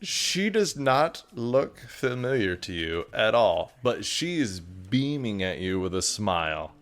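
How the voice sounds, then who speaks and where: A man's voice: fairly low pitch, very animated, slow pace. A man narrating a tabletop game as game master in a casual, rambling way with lots of fillers.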